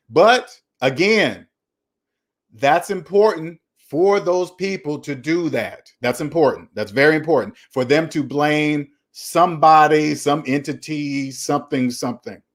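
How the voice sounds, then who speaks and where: Man host, slightly high voice, emphatic and repetitive lecturing delivery. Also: lively intonation, moderate pace. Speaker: finance channel host. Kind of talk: casual opinionated talk.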